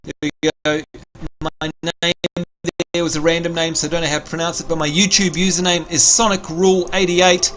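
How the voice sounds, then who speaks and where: Chatty, excitable male game streamer. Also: a little high, brisk, faint music behind. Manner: chatty, reads out viewer messages and gives shout-outs; excitable bursts while playing. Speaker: game livestreamer. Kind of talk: casual livestream chat while gaming.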